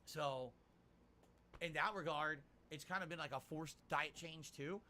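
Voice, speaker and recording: A man's voice: a little high, unhurried, pushed and bright. A middle-aged man streaming live, chatting casually and reading out viewer tips in a rambling, emphatic way. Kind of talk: casual livestream talk.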